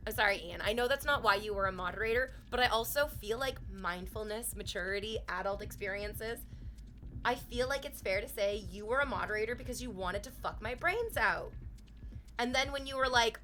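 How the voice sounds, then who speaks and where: Bright-voiced candid woman streamer. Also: fairly high pitch, lively intonation, fairly quick. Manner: candid, emotional, laughs loudly, swears freely. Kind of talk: casual chat with stream chat.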